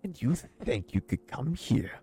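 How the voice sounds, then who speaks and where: A man voicing a stern grown male villager who speaks gruffly and swears in a tabletop game. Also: mid-range voice, big pitch swings, unhurried, mellow, voice pushed up. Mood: reproachful. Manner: gruff, swears, lectures coldly.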